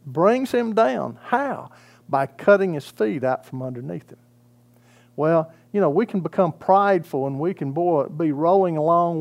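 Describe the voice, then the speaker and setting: A man's voice: a little high, vocal fry, a little mellow. A man preaching a sermon as pastor, in a conversational way with many fillers and restarts.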